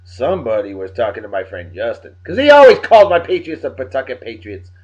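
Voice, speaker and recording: A tired man giving joking, animated shout-outs to friends in a casual vlog. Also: medium pitch, fairly quick. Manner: animated, joking sports banter. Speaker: vlog host. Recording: dull lo-fi recording.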